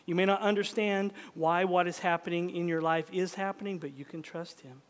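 A man preaching a sermon as pastor, swinging from loud urgent pleading to soft, whispered tenderness. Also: high-pitched, fairly even intonation, a little fast. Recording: long hall reverb.

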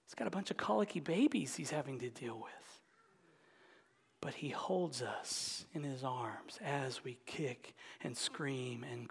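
A middle-aged pastor preaching with a high-pitched voice. He swings from loud, fervent emphasis down to hushed, near-whispered tenderness. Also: breathy edge. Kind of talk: sermon.

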